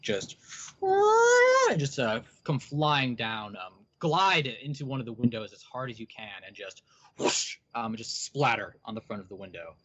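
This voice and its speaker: A man's voice: mid-range voice, normal speed, few pauses, sharp tone, breathy edge, no echo. A man narrating as game master, with many hesitant ums and uhs. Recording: dull lo-fi recording.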